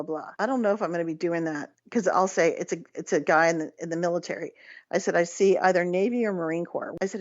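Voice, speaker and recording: A woman's voice: lowish voice, no room sound, highs cut off. Chatty storytelling woman on talk radio. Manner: chatty, laughs often, acts out clients' voices. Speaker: psychic guest. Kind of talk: casual radio interview storytelling.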